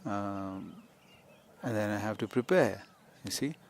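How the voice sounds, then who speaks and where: On a hillside outdoors, a man records an unscripted podcast lesson as a spiritual teacher and host, rambling conversationally and saying "you see" often. His voice sits on the low side, with vocal fry and a slightly slow pace.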